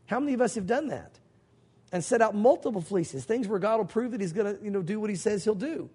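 A man's voice: sits high, lively intonation, a little fast, a little mellow, breathy edge. A middle-aged male pastor preaching an evening sermon, emphatic and conversational, acting out quoted speech. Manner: emphatic, acts out God's voice in quotes.

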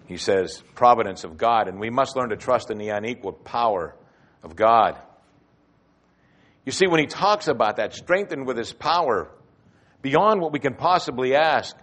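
A man preaching a sermon with expressive delivery, swinging between loud emphatic phrases and quiet asides. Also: mid-range voice. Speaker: pastor.

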